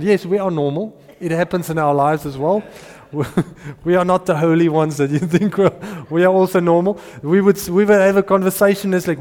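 A middle-aged South African man, Afrikaans by birth, preaches in a fairly high, animated voice. He stumbles over repeated words and chuckles between points. His voice carries with a long reverb through a large hall. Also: normal speed. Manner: animated, repeats himself, laughs between points, drops to hushed tones. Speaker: pastor. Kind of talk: sermon.

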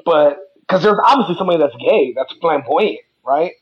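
A man's voice: a little high, animated, fairly quick, husky. A young man co-hosting a casual podcast, blunt and opinionated, swearing casually. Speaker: podcast co-host. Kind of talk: casual chat. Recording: dull lo-fi mic.

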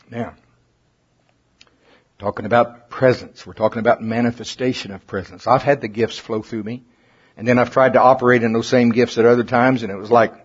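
A man preaching a sermon to a congregation, folksy and animated, his pitch and volume climbing at the high points. His voice is husky and his mouth is getting dry. The recording sounds dull and lo-fi.

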